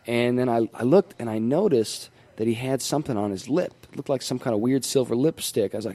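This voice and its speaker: A male comedian telling stories in a casual podcast interview, animated and slipping into voices. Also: mid-range voice, fast, hardly any pauses. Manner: storytelling, animated, slips into voices. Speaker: comedian and musician.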